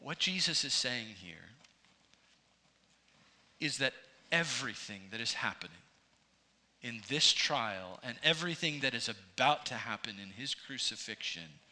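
A man preaching an expository sermon, his voice rising to emphatic peaks and dropping low. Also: lively intonation, unhurried, long pauses, bright, forceful tone. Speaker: pastor.

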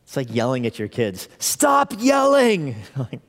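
A man's voice: medium pitch, steady tone, normal speed, a little mellow. Earnest male pastor in a reverberant hall. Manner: earnest, asks the congregation many rhetorical questions; repeats phrases for emphasis, chuckles now and then. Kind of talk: conversational sermon. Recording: long hall reverb in a church.

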